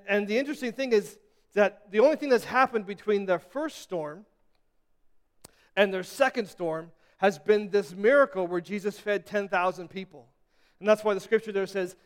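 A man's voice: high-pitched, clean tone, big-room sound. A man preaching a sermon as pastor, repeating himself with restarts and building to emphatic peaks. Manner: repetitive, stammering restarts, building to emphatic crescendos.

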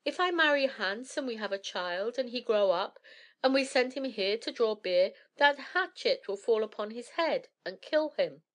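A woman's voice: a little high, animated, normal speed, natural voice. A woman reading aloud voices a foolish, weepy young woman who frets and asks plaintive questions in a storybook. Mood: fretful.

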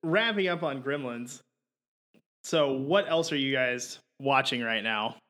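A man co-hosting a podcast in casual chat, excitable and joking. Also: medium pitch, a little slow. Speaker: podcast co-host.

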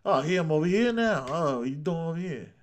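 A man voicing a loud Italian-American street guy with a heavy New York accent, heckling. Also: on the high side, expressive, moderate pace, pitched above the performer's own voice, lightly acted.

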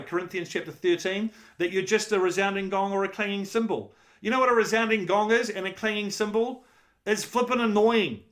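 A man's voice: sits high, a bit bright. A middle-aged man, a pastor preaching a conversational, emphatic sermon with rhetorical questions.

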